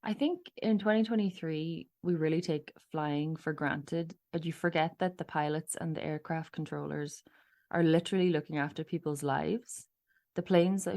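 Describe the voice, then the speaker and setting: A woman's voice: deep voice, a little mellow. A woman co-hosting a podcast, reading out a story and laughing easily. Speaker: podcast co-host. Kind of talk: casual chat and scripted narration.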